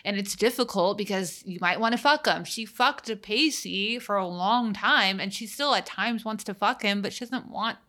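A woman's voice: mid-range voice, moderate pace, hardly any pauses, sharp tone. A woman co-hosting a casual TV recap podcast, chatty and swearing freely as she acts out the characters' lines. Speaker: podcast co-host.

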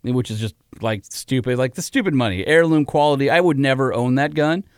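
A man's voice: medium pitch, a little fast, smooth, no room sound, studio quality. A man co-hosting a podcast in casual chat, enthusiastic and rambling with many fillers. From California. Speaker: podcast co-host.

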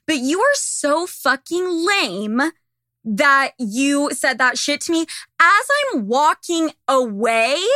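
Young woman podcast host, candid profane rant, slightly high and sharp, dry close mic. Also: no room sound. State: slightly losing her voice. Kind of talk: casual monologue.

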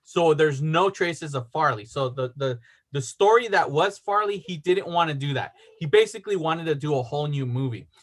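A man's voice: a little high, lively intonation, normal speed, a bit bright. A man co-hosting a podcast, talking in casual chat and rambling with many restarts while he reads facts aloud. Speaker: podcast co-host.

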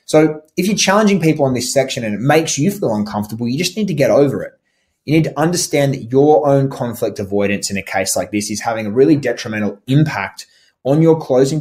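Over a set of slides, a man with a mid-range voice coaches listeners on making sales calls. As a sales trainer he keeps a conversational tone, peppering his talk with "like," restarting phrases, and modeling the inflection for different questions.

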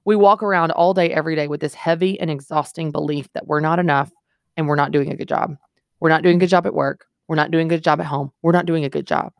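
A woman's voice: low voice, fairly even intonation, quick pace, creaky, no echo, studio quality. A woman in her thirties, a guest author on a podcast interview, telling stories earnestly and with emphasis.

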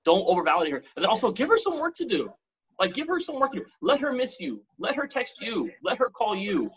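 Husky guy w a highish voice laying down dating advice, real assertive. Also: sing-song, fast talker, a bit bright, rough recording. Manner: assertive, lecturing. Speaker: podcast co-host. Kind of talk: casual dating talk.

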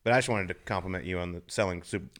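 A man's voice: sits low, rapid-fire, fairly bright tone. A man co-hosting a podcast in casual, easygoing chat. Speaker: podcast co-host.

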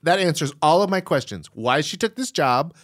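Sarcastic and jokey, a man co-hosting a podcast riffs on absurd ideas in casual comedic talk. His fairly high, fairly bright voice is expressive at a moderate pace, and the studio-quality recording has no echo.

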